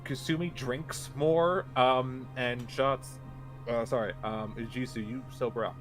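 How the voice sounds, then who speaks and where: A man's voice: medium pitch, fairly even intonation, measured pace, music in the background. A man running a tabletop game as game master, narrating in a loose, rambling way full of filler words.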